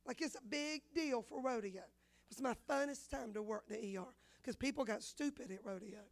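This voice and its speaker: Woman pastor in her fifties, high bright voice, lively sermon storyteller. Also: normal speed. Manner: animated storyteller, acts out dialogue. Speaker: women's pastor.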